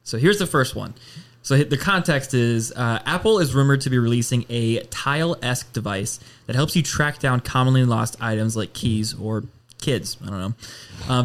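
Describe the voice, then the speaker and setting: Laid-back man hosting a podcast. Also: medium pitch. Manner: relaxed, leads the segment conversationally. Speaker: podcast host. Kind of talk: casual podcast chat.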